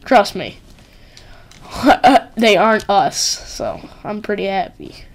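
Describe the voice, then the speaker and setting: A woman's voice: medium pitch, big pitch swings, takes it slowly. A woman hosting a casual game commentary, rambling and giggling with lots of "like" and "um". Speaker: gaming channel host. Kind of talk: casual let's-play commentary.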